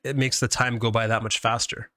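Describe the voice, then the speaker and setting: A man chatting casually on a podcast and cracking dark jokes. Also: mid-range voice, brisk. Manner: joking, deadpan dark humor. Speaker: podcast co-host. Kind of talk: casual chat.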